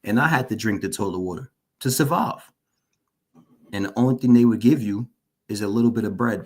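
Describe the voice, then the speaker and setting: A man's voice: on the low side, fast talker, gravelly, slightly rough. A formerly incarcerated man speaking as an interview guest, giving earnest personal testimony, openly shaken and repeating phrases for emphasis. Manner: openly shaken while recounting.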